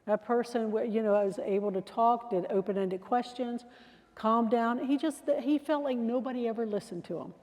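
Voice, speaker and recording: A woman's voice: medium pitch, a little mellow. Woman trainer in an echoey hall. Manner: conversational, acts out example phrases. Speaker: security trainer. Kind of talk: training presentation. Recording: long hall reverb.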